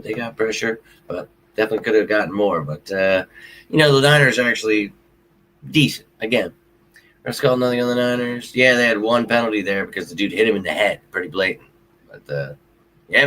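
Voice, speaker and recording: A man's voice: lowish voice, lively intonation, fairly quick, fairly bright tone, a little hiss or hum. A man hosting a sports livestream, venting his frustration in casual, profane chat and reading out viewer comments. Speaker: sports show host.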